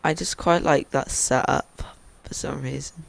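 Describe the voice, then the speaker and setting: A man's voice: medium pitch, fairly even intonation, a little slow, gravelly, fairly bright tone. A man chatting casually while streaming a farming game, telling rambling stories about friends. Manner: rambling, anecdotal. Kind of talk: casual gaming stream chat.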